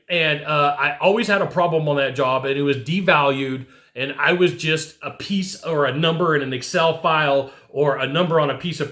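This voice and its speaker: A man with a high, forceful voice coaches his listeners with animated, direct talk, often tossing in "right?" to check they follow. His voice rings in a roomy, echoey space. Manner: animated, talks straight to the listener, keeps asking "right?". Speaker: sales coach. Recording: echoey room.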